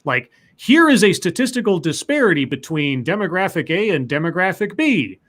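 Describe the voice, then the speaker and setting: A man's voice: sits high, big pitch swings, moderate pace, fairly bright tone. A man co-hosting a podcast in casual chat, giving dry, short replies and now and then a longer point. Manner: dry, brief agreeing replies. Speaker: podcast co-host.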